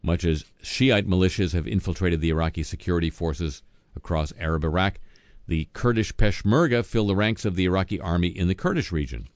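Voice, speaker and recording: A man's voice: low-pitched, brisk, a little mellow, no room sound, studio quality. A man reading satirical news as host, dropping sardonic, wisecracking asides between items.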